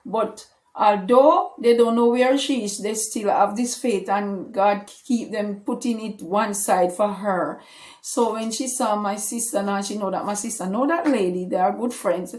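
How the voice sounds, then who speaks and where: Woman, vlog storytelling, animated, mid-pitched voice, quotes people in lively bursts. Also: unhurried. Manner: animated retelling, acts out quoted speech. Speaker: vlogger. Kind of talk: casual storytelling.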